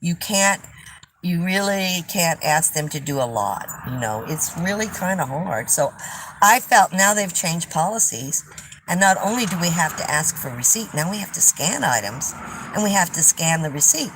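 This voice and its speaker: Woman in her seventies, rambling live-stream chat, fairly low voice, faint background hiss. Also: expressive, normal speed, fairly bright tone, rough recording. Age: 70s. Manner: rambling, chatty, laughs often. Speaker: vlogger hosting a live stream. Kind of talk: casual storytelling chat.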